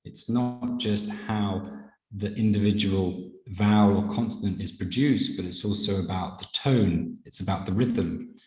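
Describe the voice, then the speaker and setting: A man leads a live online pronunciation class, explaining each point at an unhurried pace. His voice sits on the low side. The call carries a roomy echo with a long tail. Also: a little mellow. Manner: measured, explanatory teaching. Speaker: pronunciation teacher. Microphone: video call. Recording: echoey room with long reverb.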